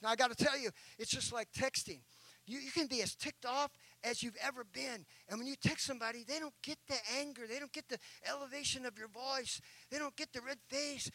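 A man's voice: very high-pitched, fairly quick, bright, forceful tone, no room sound, poor audio. A man preaching a sermon as a bishop, telling an illustration and building to emphatic points. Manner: storytelling with rising, emphatic preaching.

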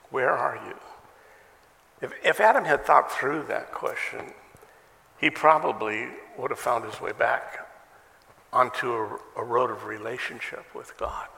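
A male pastor delivers a live sermon in a gravelly, bright voice. He talks conversationally, stacks rhetorical questions, and pokes fun at himself. The sound carries a long hall reverb with faint background noise. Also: mid-range voice. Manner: conversational, self-deprecating humor, rhetorical questions.

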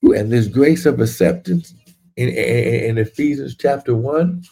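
A man's voice: mid-range voice, a little slow, gravelly, dark tone, slightly rough. A man preaching a sermon with fervent exclamations, repeating key phrases and calling out to his listeners.

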